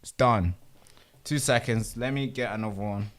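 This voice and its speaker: A man's voice: fairly low pitch, moderate pace. A man hosting a live stream from home, talking casually and with frustration to his viewers while he fixes his equipment.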